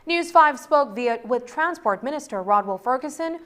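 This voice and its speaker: High-voiced woman reading the news. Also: lively intonation, a bit bright. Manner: crisp, measured news delivery. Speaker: news reporter. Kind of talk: scripted news narration.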